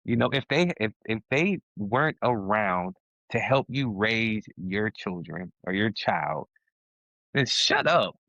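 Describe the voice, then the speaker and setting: A man's voice: on the low side, lively intonation, measured pace, fairly bright tone, dry recording. Emphatic man on a dull, dry recording. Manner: emphatic, restarts sentences, gets heated. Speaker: podcast co-host. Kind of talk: casual conversation.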